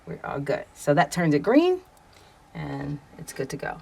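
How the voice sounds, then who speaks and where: A woman voice actor with a low-pitched voice walks through her setup at home. She is chatty and explanatory, correcting herself as she goes. She is close on a quality studio microphone in a quiet room. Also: very animated, measured pace, creaky, breathy edge. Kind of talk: casual screen walkthrough. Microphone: studio condenser microphone.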